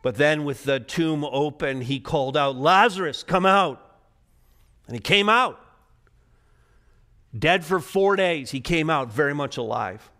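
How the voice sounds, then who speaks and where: A man preaching a sermon to a congregation, moving between quiet, low passages and rising, urgent emphasis. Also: expressive, unhurried, pauses often. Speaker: pastor. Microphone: preaching to a live congregation, also streamed online.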